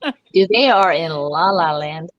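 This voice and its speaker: A woman's voice: sits low, expressive, unhurried, dry recording. A woman co-hosting a casual live stream, teasing the others with mock British phrases. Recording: dull, dry lo-fi sound.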